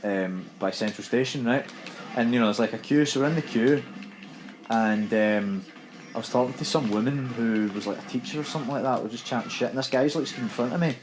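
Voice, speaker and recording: A young Scottish man spinning a yarn in easy, casual chat. He is lively and laughs often, with an average-pitched voice that jumps up as the story heats up. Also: fairly quick, music in the background, poor audio. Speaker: gaming podcast co-host.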